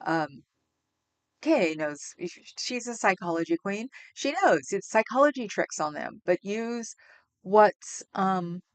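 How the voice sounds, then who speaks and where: A woman's voice: mid-range voice, lively intonation, slow pace. A woman in her fifties hosting a livestream at home, chatting in a rambling, casual way and laughing often. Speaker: livestream host.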